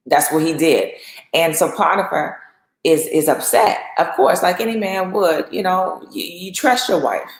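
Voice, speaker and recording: A woman teaching in a casual, conversational sermon style, telling a story with lively acted asides. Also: fairly low pitch, unhurried. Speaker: host and speaker. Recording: echoey room.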